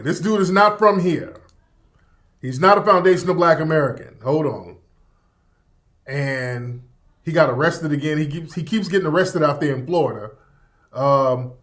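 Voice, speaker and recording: A man with a notably high voice for a man rants casually on a livestream. He is emphatic and profane, hammering the same points again and again. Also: fairly bright tone. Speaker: livestream commentator.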